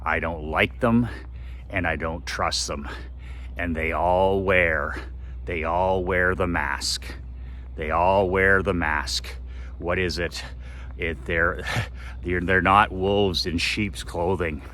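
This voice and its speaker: A man's voice: sits low, fairly even intonation, takes it slowly, pushed and bright, a little hiss or hum. A man giving a blunt, profane motivational monologue as a business coach, repeating phrases for emphasis.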